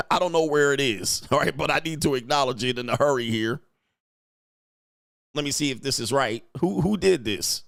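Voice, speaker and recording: A man's voice: medium pitch, moderate pace, gravelly, a bit bright, dry recording, studio quality. A man hosting a livestream, talking in a brash, crude, slangy way, laughing often and acting out mocking voices. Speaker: livestream host. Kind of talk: crude casual livestream commentary.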